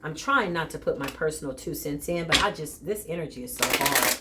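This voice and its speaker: Low-voiced woman giving a blunt tarot reading. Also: expressive, a little fast, heavy background noise. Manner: blunt, emphatic, talks straight to the viewer. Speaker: tarot reader. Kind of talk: spiritual tarot reading to viewers.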